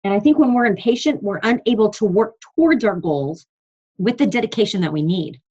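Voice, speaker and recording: A woman's voice: mid-range voice, lively intonation, a little fast, a little mellow, slightly rough, lo-fi sound. A young adult woman coach giving an earnest, emphatic motivational talk on a team call, reading from her notes. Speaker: fitness business coach leading a team call.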